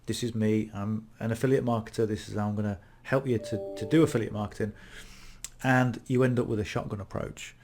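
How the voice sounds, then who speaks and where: A man's voice: fairly low pitch, fairly even intonation, a little fast. A man in his fifties with a British accent, talking casually to camera about online marketing, reflective and prone to restarting his sentences. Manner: conversational, restarts often, self-reflective. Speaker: affiliate marketing vlogger.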